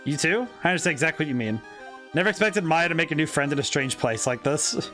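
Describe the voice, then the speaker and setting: A man's voice: a little high, expressive, quick pace, pushed and bright. Maya, a man reading a bubbly young spirit medium. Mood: upbeat. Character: cheerful teenage girl spirit medium. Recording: faint game music behind.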